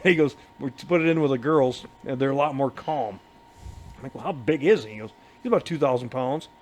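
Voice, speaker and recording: A man's voice: mid-range voice, a little fast, slight background noise. A man co-hosting a casual podcast, telling a long story in a rambling, profane way and laughing as he goes. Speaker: podcast co-host. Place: bar.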